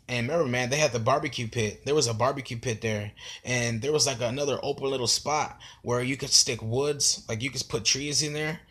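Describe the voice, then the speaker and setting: A man's voice: mid-range voice, a bit bright. A young man vlogging a casual storytime, rambling and slangy with lots of fillers.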